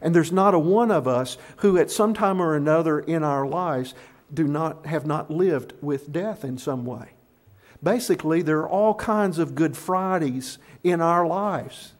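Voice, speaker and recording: A middle-aged man preaching from the pulpit in a fairly high voice. He retells the story in an easy storytelling way. He gets louder on the words he stresses and drops soft on others. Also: unhurried. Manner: storytelling preacher, varies loudness for emphasis. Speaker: pastor. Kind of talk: sermon.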